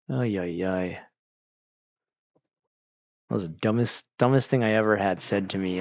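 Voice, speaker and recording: A man's voice: on the low side, unhurried, long pauses, no room sound. A man, an art teacher, chatting casually on a livestream, joking and swearing as he rants. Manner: profane, ranting, joking. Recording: dull lo-fi stream audio, dry.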